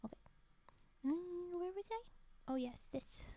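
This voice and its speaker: A woman streamer in casual, playful chat who rambles, stammers when flustered and often drops into a soft whisper. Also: extremely high pitch, lively intonation, a little slow. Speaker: streamer and storyteller.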